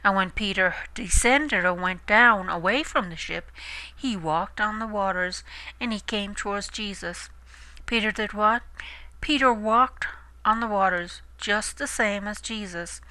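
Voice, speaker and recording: A woman reading and explaining a Bible passage, slow and emphatic, restating words with alternate glosses. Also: medium pitch, pushed and bright, poor audio. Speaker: Bible teacher.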